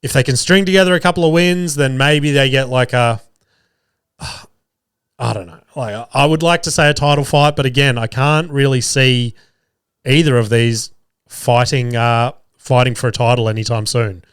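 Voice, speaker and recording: An Australian podcast host with a smooth, medium-pitched voice rambles at a moderate pace while picking sports bets, swearing often and full of restarts and fillers. He's under the weather with a cough. He's recorded on a studio mic in a small studio, with clean sound and no room echo.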